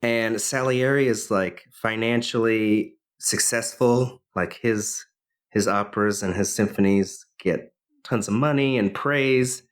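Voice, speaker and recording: A lowish-voiced man speaks at a slow pace. He's a podcast co-host casually narrating a film's storyline, rambling and full of fillers and restarts.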